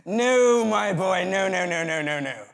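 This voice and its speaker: A man's voice: high-pitched, animated, a little slow, gravelly, a bit bright, full character voice. A man on stage voicing a bossy male acting teacher who barks drills and commands at his students. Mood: exasperated. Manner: barking drill commands, impatient.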